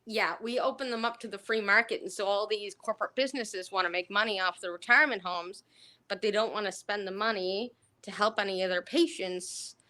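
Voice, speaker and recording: A woman's voice: medium pitch, a little fast. A woman, a former dietary aide, chatting casually and telling stories with frequent laughter. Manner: lively storyteller who laughs often. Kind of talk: casual chat.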